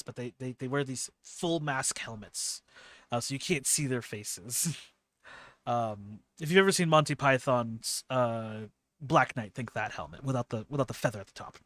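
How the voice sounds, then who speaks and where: A man's voice: mid-range voice, normal speed, a bit bright, dry recording. Game master man narrating a scene. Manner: descriptive, many fillers and restarts. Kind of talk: narrating a tabletop role-playing game.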